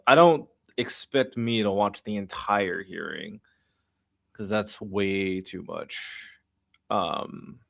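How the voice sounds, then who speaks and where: A man's voice: lowish voice, gravelly, a bit bright. A man streaming casual, sarcastic reaction commentary on a hearing clip. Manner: joking, sarcastic asides.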